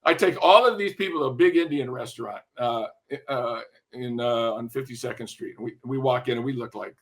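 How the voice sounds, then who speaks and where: An older man, a music industry veteran, telling animated, profane anecdotes in an interview and tagging his points with "right?". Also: medium pitch, a little fast. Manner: lively, profane, keeps checking in with "right?".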